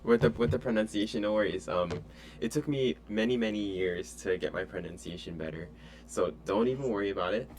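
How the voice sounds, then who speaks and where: A man teaching an online French lesson in a relaxed, chatty way with many fillers. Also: fairly low pitch, fairly quick, a little hiss or hum.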